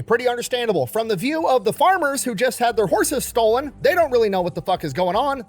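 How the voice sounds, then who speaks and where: A man telling history in a casual, irreverent, profane way, heard from a played clip. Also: high voice. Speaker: history storyteller. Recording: clip played with faint music.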